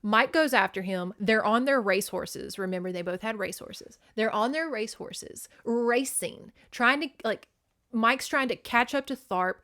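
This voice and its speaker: A woman's voice: fairly high pitch, moderate pace, fairly bright tone. A woman hosting a podcast, casually recapping a novel in a chatty, profane way with lots of "like" fillers. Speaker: podcast host.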